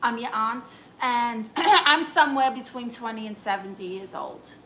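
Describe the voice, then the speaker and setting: A woman with a Brooklyn accent, speaking in a forceful, bright and slightly high voice. She reads her chat out loud and talks back to it with brassy, teasing sass. A faint hum sits behind her. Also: lively intonation, a little slow. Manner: brassy, sassy, teasing banter. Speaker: comedian reading live chat comments. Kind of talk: live-stream chat in a sassy aunt persona.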